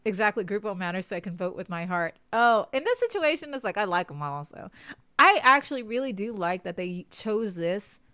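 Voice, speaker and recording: A woman's voice: medium pitch, big pitch swings, brisk, pushed and bright, clean tone, dry recording. Congested woman chatting with a giggle. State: congested, sniffly. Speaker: podcast co-host. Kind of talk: casual chat.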